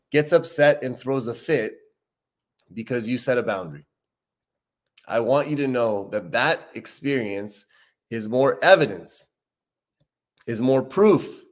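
A man hosting a recovery livestream in a relaxed, conversational way. He often repeats his key points for emphasis and slows down on important lines. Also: mid-range voice. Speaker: recovery talk host. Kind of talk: casual livestream talk.

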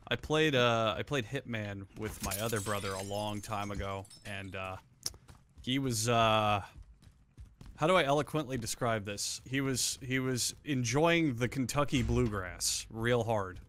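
A man's voice: lowish voice, unhurried, a bit bright, slight background noise. A man hosting a gaming stream, chatting casually and telling long rambling stories with plenty of swearing. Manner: rambling storyteller, swears freely. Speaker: streamer host. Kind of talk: casual chat while gaming.

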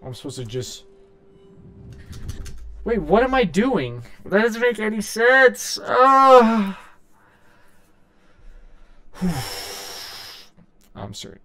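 A man doing casual, excitable gameplay commentary, swearing and shouting at his character while saying he is hungry and tired. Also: high voice, slow pace, long pauses, faint music behind. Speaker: gaming streamer.

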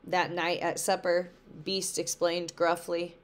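A woman teacher reading a storybook aloud for a lesson, slow and careful. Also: fairly low pitch, steady tone. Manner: slow, careful read-along pace.

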